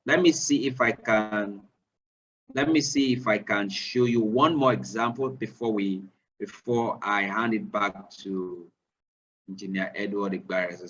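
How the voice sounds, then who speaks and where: Animated man teaching on a lo-fi call. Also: far from the mic. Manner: quizzes listeners with repeated questions; animated, rising pitch when excited. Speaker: online sales trainer. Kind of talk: live online training session.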